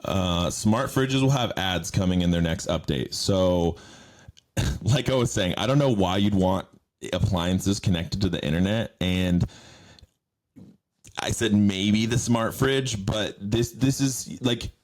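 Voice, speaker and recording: A man's voice: low voice, slow. A man hosting a podcast, riffing on news stories in a rambling, profane, mocking way. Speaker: podcast host. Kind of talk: casual news commentary.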